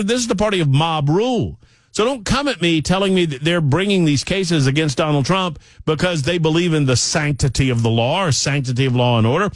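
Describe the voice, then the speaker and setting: A man's voice: high voice, no room sound, clean studio sound. Emphatic talk radio man. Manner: emphatic and sarcastic, addressing listeners directly. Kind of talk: opinionated political talk radio monologue. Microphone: studio microphone.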